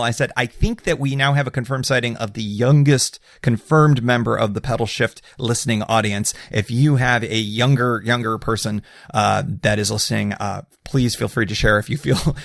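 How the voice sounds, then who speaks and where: Gravelly, chatty male podcast host. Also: mid-range voice, a bit bright, dry recording, clean studio sound. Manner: upbeat, chatty, with fillers and laughs. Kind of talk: casual podcast talk.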